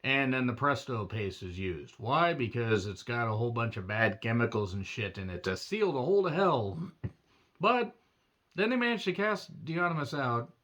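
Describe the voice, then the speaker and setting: A man's voice: mid-range voice, animated, moderate pace, fairly bright tone. A man giving a casual, rambling movie review with wry asides and self-corrections, his throat a little strained. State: throat strained from doing a demon voice.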